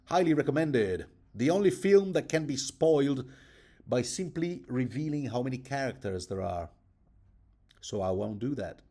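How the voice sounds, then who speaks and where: A man's voice: mid-range voice, lively intonation, normal speed, warm tone. A man giving a rambling, casual commentary on a book, chatty and digressive and often mocking himself.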